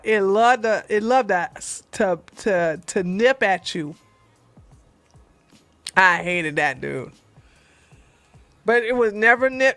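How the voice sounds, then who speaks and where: Chatty rambling woman, bright voice. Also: fairly high pitch, dry recording. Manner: rambling, chatty, laughs often; reads and answers viewer comments. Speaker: livestream host. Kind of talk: casual livestream chat.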